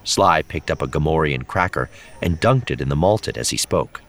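Super deep guy reading an audiobook, lively delivery. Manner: expressive, measured. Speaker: audiobook narrator. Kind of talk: scripted narration.

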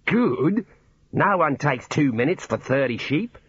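A man reading aloud, voicing a blunt, gruff Australian sheep shearer who talks in a laconic, matter-of-fact way. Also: medium pitch, expressive, moderate pace, a bit bright, no echo, highs cut off. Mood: gruff amazement.

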